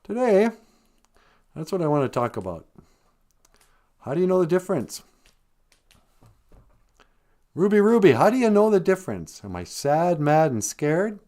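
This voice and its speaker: A man's voice: on the high side, big pitch swings, moderate pace, pauses often, darkish tone. A man hosting a casual podcast, musing aloud and repeating words so listeners can learn them. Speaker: podcast host. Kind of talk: casual podcast chat teaching language words.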